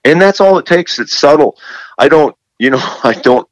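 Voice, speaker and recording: A man interviewed as a guest, telling animated stories and acting out the dialogue he quotes, often repeating himself and restarting. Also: a little high, moderate pace, no echo, rough recording. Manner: animated storyteller who acts out quoted dialogue. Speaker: guest, television presenter. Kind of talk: casual faith interview.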